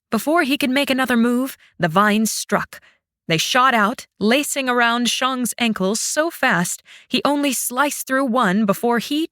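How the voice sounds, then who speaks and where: A woman narrating a fantasy audiobook in a dramatic, expressive way. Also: on the high side, dry recording, clean studio sound.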